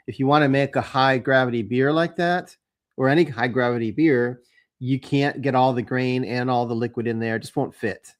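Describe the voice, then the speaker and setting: A man with a mid-pitched voice talks casually to his viewers. He rambles along, stopping often for ums and uhs and starting his sentences over. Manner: rambling, with many fillers and restarts. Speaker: homebrewing channel host. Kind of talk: casual chat to camera.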